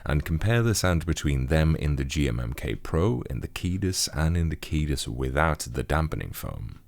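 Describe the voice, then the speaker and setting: A man's voice: extremely low pitch, sing-song, normal speed, vocal fry, a little mellow, no room sound. A man narrating a keyboard review in a crude, jokey way. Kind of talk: recorded product review.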